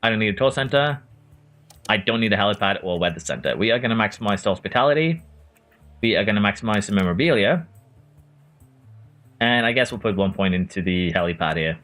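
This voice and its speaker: A man from Norway streams a racing management game, chatting casually with viewers, answering them by name and chuckling a lot. His lowish voice is expressive and a bit bright, fast-paced yet broken by long pauses. Soft music plays in the background.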